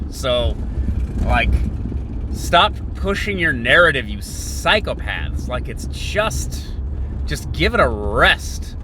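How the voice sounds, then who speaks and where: A man hosting a podcast, talking in a rambling, digressive monologue with many restarts while in a car in city traffic. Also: on the high side. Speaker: podcast host.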